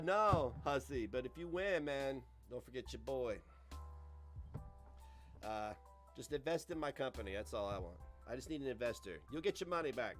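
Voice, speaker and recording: A man's voice: medium pitch, a bit bright. A man live-streaming, chatting loosely with viewers, joking and laughing often as he reads chat aloud.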